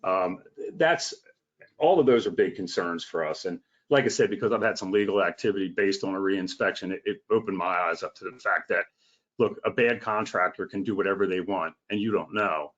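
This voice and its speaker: Male guest, lowish voice, blunt and sarcastic, casual talk, slightly muffled audio. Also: brisk, fairly bright tone. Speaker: home inspector guest. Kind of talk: casual podcast conversation.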